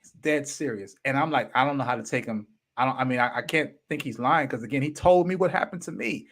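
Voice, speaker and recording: A man in his fifties tells a personal story on his podcast, animated and emphatic. His pitch sits in a plain middle range. He speaks in casual slang, pressing hard on key words. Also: fast. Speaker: podcast host.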